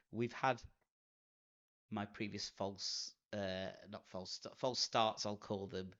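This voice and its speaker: A Manchester man co-hosts a casual golf podcast, spinning rambling, self-mocking stories. His voice sits on the low side with fairly even intonation, a slow pace, and a slightly bright quality. The audio is dull and lo-fi.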